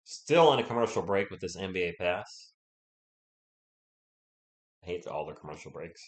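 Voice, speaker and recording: This low-pitched, expressive young man talks at a moderate pace against roomy sound, providing casual live commentary. Sore throat and all, he sounds sick and keeps his volume restrained. He converses with viewers and answers them.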